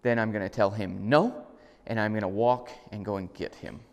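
A man's voice: normal speed, gravelly, long reverb tail. A man demonstrating dog training indoors, explaining casually and calling out upbeat commands to his dog. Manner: relaxed explaining, bursts into high, loud, upbeat dog commands. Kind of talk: casual instructional talk. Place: indoors in a house.

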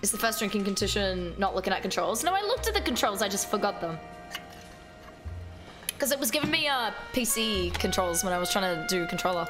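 A woman's voice: mid-range voice, lively intonation, fast talker. A woman streaming a game live, chatting casually, swearing freely and singing along in bursts. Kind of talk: casual livestream chat while gaming. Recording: music playing under the voice.

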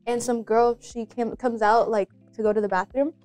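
A woman's voice: a little high, fairly even intonation, normal speed, darkish tone, faint music behind. Giggly young woman hosting a chat. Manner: giggly, chatty, lots of "like" fillers. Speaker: student show host. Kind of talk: casual interview chat. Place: school.

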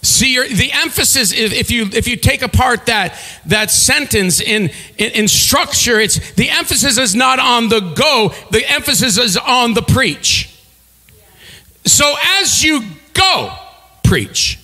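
A man preaching a sermon, telling a story with many restarts and building up to shouted exhortation. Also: very high-pitched, a little slow. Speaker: pastor. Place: church sanctuary. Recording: long hall reverb.

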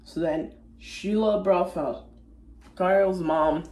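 A vlogger rambles through a casual movie recap, often second-guessing the order of the plot and using slang. The voice is medium-pitched, slow, and a little mellow, in an echoey room.

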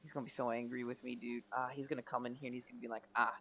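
A man's voice: medium pitch, flat delivery, racing, slightly rough. A young man giving casual let's-play commentary, chatty, swearing and talking to himself as he plays. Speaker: gaming commentator.

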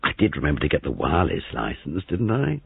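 A rueful young husband grumbles and reassures in a husky, gravelly voice, as a man acts him. His pitch rises and falls a lot. It sounds thin and lo-fi. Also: huge pitch swings, fast talker, dry recording, exaggerated voice. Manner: rueful, gloomy. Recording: phone-like lo-fi reading.

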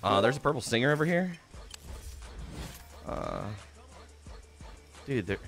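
A man's voice: mid-range voice, expressive, measured pace, a bit bright, faint music behind. A man streaming a game live, swearing freely and greeting his chat by name.

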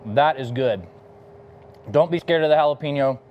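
A man's voice: fairly high pitch, moderate pace, a little mellow, muffled recording, slight background noise. A middle-aged man from Texas, a barbecue pitmaster chatting casually between bites while hosting a live cooking demo. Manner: laid-back and enthusiastic, talking between bites.

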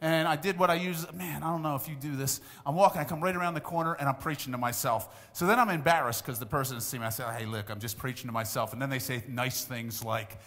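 A man's voice: fairly high pitch, quick pace, hardly any pauses, a bit bright. A man in his sixties preaching a sermon as pastor, in a conversational, emphatic way with asides. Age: 60s. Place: church sanctuary. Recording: church hall reverb.

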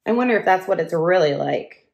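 A woman's voice: lowish voice, animated, fairly quick, vocal fry, a little mellow. A woman teacher reading a picture book aloud to children, chatty and asking the listeners questions as she goes. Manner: chatty, asks listeners questions, laughs often.

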